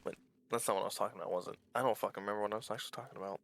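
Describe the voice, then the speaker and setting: Gravelly, bright-voiced man rambling over gameplay. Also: on the low side, very fast, a little hiss or hum. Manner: rambling and candid, swears casually. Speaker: small YouTuber playing a game. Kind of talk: casual let's-play commentary.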